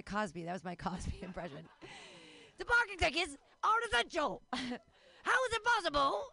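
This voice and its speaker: Giggly woman emcee, bright and unhurried. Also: fairly high pitch, no room sound. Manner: bubbly, giggly, trails off quietly. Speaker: comedy show host. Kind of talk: introducing comedians.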